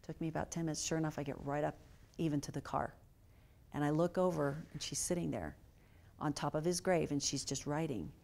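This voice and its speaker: A middle-aged woman speaker telling a personal story to a lecture audience, earnest, with many fillers, dropping to a hush at moving parts. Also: low-pitched, a little fast, gravelly. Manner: earnest, hushed when moved, many fillers. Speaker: guest speaker. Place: lecture hall.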